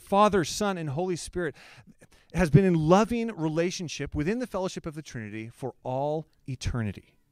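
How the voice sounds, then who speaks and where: A man's voice: high-pitched, no room sound, studio quality. A male pastor delivers a sermon in a conversational, earnest way, with humorous asides.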